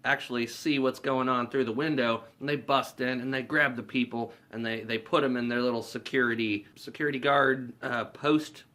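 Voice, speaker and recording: Bright-voiced man recapping a film. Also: medium pitch, steady tone, moderate pace, few pauses. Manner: rambling, laughs often, profane. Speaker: movie reviewer. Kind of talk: casual spoiler recap.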